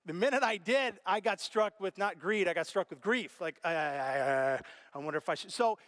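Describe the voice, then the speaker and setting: A man preaching a sermon as pastor, telling stories with lively, animated reactions. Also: high-pitched, normal speed. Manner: animated storyteller, acts out his own reactions.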